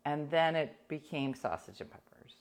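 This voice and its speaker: Woman host, lower voice, sarcastic, chatting with viewers on a livestream. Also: lively intonation, moderate pace. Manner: wry, sarcastic storytelling, talking to viewers. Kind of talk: casual livestream chat.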